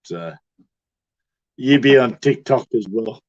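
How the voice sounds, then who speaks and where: An Australian man trades crude, laughing banter on a stream, swearing freely and sounding a little drunk. His voice sits at a middling pitch, and the audio comes through dull and lo-fi. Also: animated, slow, darkish tone. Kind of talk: casual banter.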